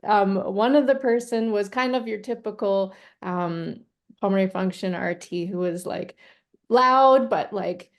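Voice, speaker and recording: A woman respiratory therapist hosting a casual group chat, telling animated stories and laughing often. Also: mid-range voice, measured pace.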